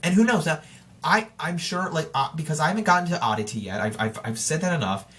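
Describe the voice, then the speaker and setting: A man's voice: on the high side, lively intonation, fast talker, fairly bright tone. A man hosting a solo podcast in casual chat, talking straight to his listeners and rambling, with frequent restarts and self-corrections. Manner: informal and chatty, addressing listeners directly. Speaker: podcast host.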